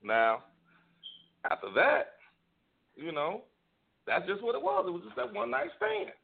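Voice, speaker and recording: A man with a raised, gravelly voice spins a loose, profane story with lots of restarts, his pitch swinging widely. The sound is thin and tinny, like a phone line. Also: huge pitch swings, measured pace. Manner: rambling and profane, with many restarts. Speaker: radio show host. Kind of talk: casual storytelling chat.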